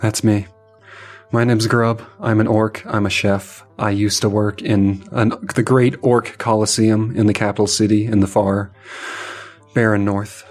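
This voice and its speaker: A man's voice: on the low side, flat delivery, unhurried, darkish tone, faint music behind. A man voicing a blunt, grumpy male orc chef who grumbles about humans.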